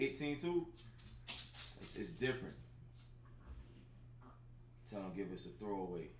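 Man in his thirties, low voice, livestream host, casual chat to viewers, roomy sound, faint noise behind. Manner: laid-back, talks straight to chat viewers, lots of filler phrases.

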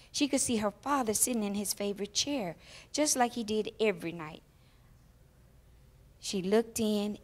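Woman reading a children's story expressively. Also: mid-range voice. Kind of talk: children's story read aloud in church.

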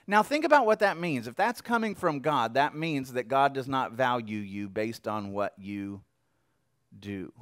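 A young adult man preaching a sermon in a conversational way, repeating phrases and swinging between loud and hushed. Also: medium pitch, animated, measured pace, dry recording. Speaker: pastor.

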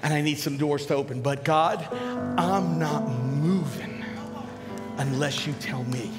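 Older man, pastor, sermon, storytelling, fairly high voice, unhurried, long hall reverb, music underneath. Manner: conversational storytelling, lively. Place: large conference hall.

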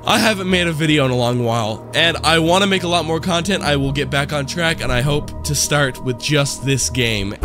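Casting: jumpy young male gaming YouTuber, slightly high voice, easily spooked, profane. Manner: jumpy, excitable, swears a lot. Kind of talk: gameplay commentary.

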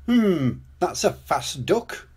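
Boastful dog sea captain, lively pitch, as a man puts him on. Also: slow pace, breathy edge, exaggerated voice. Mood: proud.

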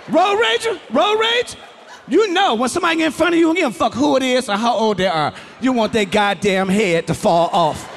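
A male comedian works a live crowd in a loud, profane stand-up routine, yelling his punchlines. His voice sits very high and swings widely in pitch. A noisy audience and room hum fill the background. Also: animated, brisk, vocal fry.

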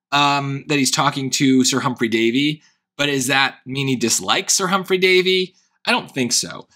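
A man's voice: medium pitch, sharp tone. A man with a Long Island accent tutoring SAT reading, thinking aloud through answer choices with frequent hesitations and restarts. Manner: hesitant, self-questioning, many restarts. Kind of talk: thinking-aloud test prep lesson.

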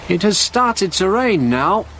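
A man's voice: sits high, very animated, slow, a bit bright, a little hiss or hum, pitched above the performer's own voice, exaggerated voice. A man voicing Stewart, a stubborn, determined young man.

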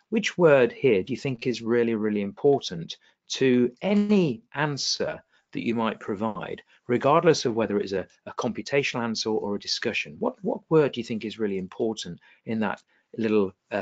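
With a lowish voice, this male tutor leads an online exam revision session and keeps checking that his students are following. He's animated and questions the class often. The sound is lo-fi.

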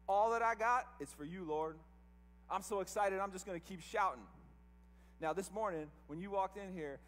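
A man preaching a sermon as pastor, animated, acting out quoted voices to tell the story. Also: high voice, long reverb tail. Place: church sanctuary.

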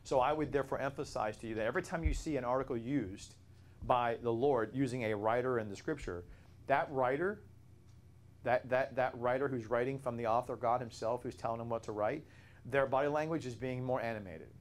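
A man's voice: mid-range voice, a little fast. Emphatic man teaching a Bible class. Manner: explanatory, emphatic, answers questions.

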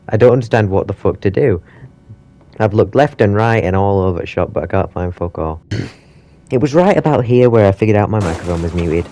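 A man doing horror game commentary, swearing a lot and sounding exasperated and excitable. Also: lowish voice. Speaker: gaming YouTuber.

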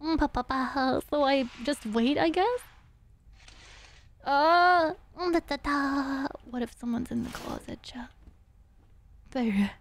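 A woman's voice: high-pitched, takes it slowly, long pauses, a little hiss or hum. A young woman streamer giving playful, bubbly live gameplay commentary and humming little sound effects. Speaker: VTuber streamer.

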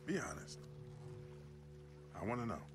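An actor playing a weathered middle-aged boat captain in a video game, low and gruff, teasing and gently probing. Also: male voice, sing-song, measured pace. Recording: game audio under loud music.

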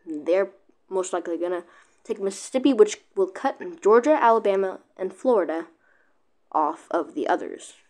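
A woman giving casual, excitable gameplay commentary, often breaking off mid-sentence to react. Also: mid-range voice, moderate pace. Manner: excitable, keeps cutting herself off with "wait". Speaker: gaming video creator.

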